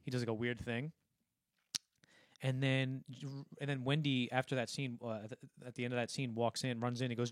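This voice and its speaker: A man's voice: mid-range voice, level tone, fairly quick, dry recording, clean studio sound. A young man co-hosting a casual film podcast, animatedly retelling scenes in a rambling way full of restarts. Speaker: podcast co-host.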